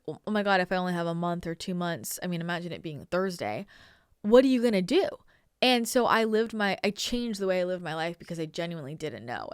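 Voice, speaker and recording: This lowish, clean-toned voice belongs to a Northern California woman, a channeler and show host, recorded in a clean studio with no room sound. Chatty and rambling, she wanders casually through a story packed with "like" and "you know."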